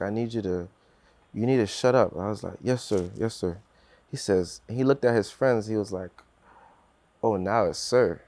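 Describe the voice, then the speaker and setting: A man's voice: on the low side, a little mellow. A man telling a personal story on a podcast in earnest, acting out what others said, with many restarts.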